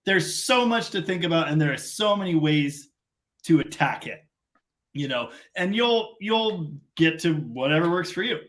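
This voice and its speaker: A man's voice: a little high, lively intonation, moderate pace, fairly bright tone. A middle-aged man from Canada hosting a casual live stream, rambling and self-deprecating in long run-on sentences.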